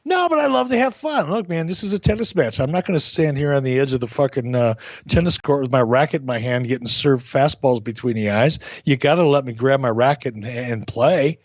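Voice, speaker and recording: A man's voice: medium pitch, no echo. Middle-aged man, podcast host, dull lo-fi sound, dry room, restarts often, swears. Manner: animated, profane, halting with restarts. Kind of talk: casual podcast chat.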